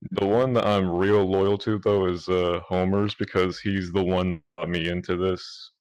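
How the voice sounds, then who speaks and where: A man's voice: deep voice, flat delivery, normal speed, a little mellow, smooth. A man with a Southern accent from Mississippi, a guest voice actor speaking in an easygoing, plain way in a casual chat. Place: virtual reality chat room.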